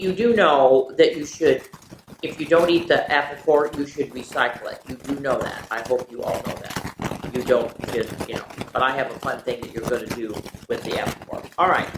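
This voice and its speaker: An older woman reads picture books aloud to children, her fairly low voice lively with playful sound effects and friendly asides. The recording is echoey, as if in a bare room, with a faint hiss underneath. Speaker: children's story reader.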